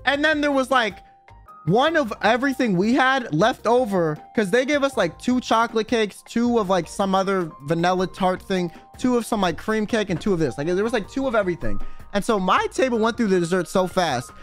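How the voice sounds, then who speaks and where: A man telling an animated, slang-filled story in casual chat, swearing freely and acting out what people said. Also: high voice, brisk, soft background music. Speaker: streamer guest telling a story.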